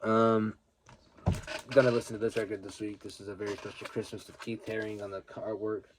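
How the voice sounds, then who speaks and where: A man's voice: on the low side, little pitch movement, fairly quick, background noise. A young man casually chatting about his vinyl records, telling rambling stories and swearing freely, while grieving a late friend. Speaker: record collector vlogger. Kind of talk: casual vinyl haul chat.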